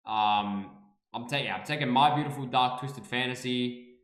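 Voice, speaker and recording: A man's voice: medium pitch, moderate pace, fairly bright tone, roomy sound, soft background music. A man streaming live and reacting casually, playful, repeating words over and over and swearing freely.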